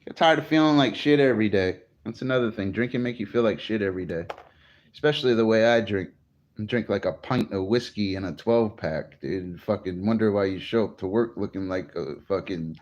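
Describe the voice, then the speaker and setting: A man's voice: on the low side, brisk, darkish tone, muffled recording. A man from New Jersey chatting casually on a morning livestream, greeting viewers and swearing freely. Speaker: livestream host.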